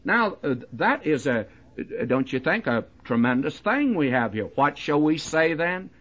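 Male preacher, husky and animated, conversational Bible teaching, emphatic; muffled lo-fi tape. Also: on the high side, measured pace. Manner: conversational, addresses listeners directly with "you see" and "my friend"; emphatic, leans into key words. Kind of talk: verse-by-verse Bible teaching sermon. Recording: dull lo-fi recording.

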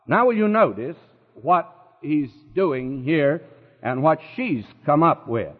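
A man preaches a sermon with great emphasis, his lively voice leaping to high, ringing peaks. His slightly raised voice carries a long reverb, as if in a large hall. The sound is thin and narrow, like a phone line. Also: slow pace.

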